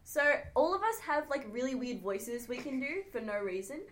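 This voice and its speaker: A young woman co-hosting a casual chat podcast, chatty and quick to laugh. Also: high voice, very animated, slight background noise. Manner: giggly, chatty. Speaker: podcast co-host.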